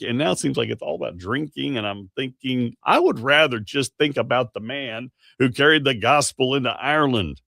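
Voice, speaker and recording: A male morning radio host chats in a loose, rambling way, correcting himself mid-sentence, his mid-range, slightly bright voice carrying a gravelly, creaky edge. The sound is close and dry like a studio mic, with no echo.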